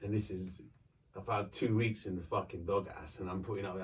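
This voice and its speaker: A man, hosting a podcast and telling a story in a lively, profane way. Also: low-pitched, brisk, far from the mic. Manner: animated, swearing, acts out voices in his story. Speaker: podcast host. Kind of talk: casual storytelling.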